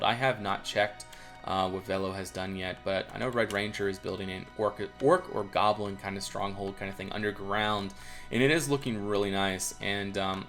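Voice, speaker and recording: A man's voice: on the low side, a bit bright. A young man casually commenting on a video game build, rambling with many fillers and restarts. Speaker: build reviewer.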